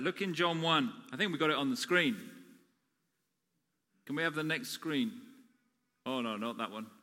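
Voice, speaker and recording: A man preaching a chatty sermon full of jokes, swinging between loud and soft. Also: sits high, big-room sound.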